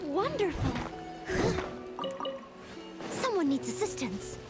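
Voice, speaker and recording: A tiny, eager fairy companion chirps in a very high, lively, childlike voice that bounces up and down. Loud game music plays under every line. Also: female voice, slow pace, heavily acted. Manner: talks about herself in third person.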